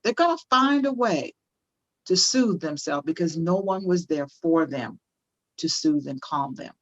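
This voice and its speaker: A woman's voice: sits low, animated, measured pace, no echo, lo-fi sound. An older woman speaking as a parenting guest on a video call, impassioned, repeating phrases for emphasis. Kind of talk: conversational interview, teaching.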